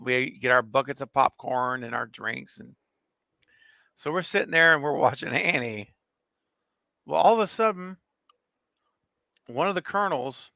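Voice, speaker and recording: Animated man telling a story. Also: medium pitch, vocal fry, no echo. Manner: animated storyteller, laughs often. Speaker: co-host. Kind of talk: casual livestream storytelling.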